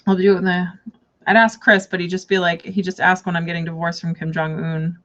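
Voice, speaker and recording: A woman's voice: lowish voice, flat delivery, fairly quick, a bit bright. A woman hosting a casual live tarot stream, rambling and chatty with lots of fillers and restarts. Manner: rambling, chatty, full of fillers and self-corrections. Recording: dull lo-fi stream audio.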